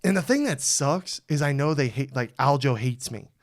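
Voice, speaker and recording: Animated, profane man on a podcast. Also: mid-range voice, moderate pace, vocal fry, no echo, studio quality. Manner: animated, profane, acts out quotes loudly. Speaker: podcast host. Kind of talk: casual podcast chat.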